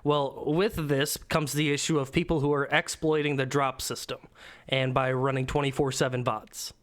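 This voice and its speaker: A man's voice: medium pitch, little pitch movement, normal speed. A man co-hosting a casual gaming podcast, rambling with lots of fillers and casual swearing. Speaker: podcast co-host.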